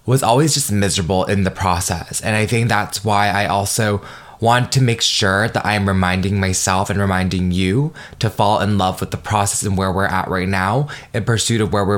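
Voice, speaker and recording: A man in his twenties hosting a solo podcast, talking in an emotional, effusive way, swearing freely and jumping up in pitch when excited. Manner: animated, jumps higher when excited. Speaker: podcast host. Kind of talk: solo motivational podcast monologue.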